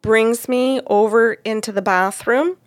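A woman, a psychic medium, telling a story from a client session in casual chat, lively and expressive, acting out what people said with big jumps in pitch. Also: a little slow, no room sound.

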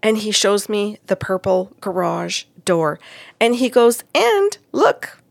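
Animated woman telling a story, dry sound. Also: measured pace, vocal fry, no room sound. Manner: expressive, acts out quoted voices with big pitch jumps. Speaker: psychic medium recounting a client session. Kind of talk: animated storytelling in casual chat.

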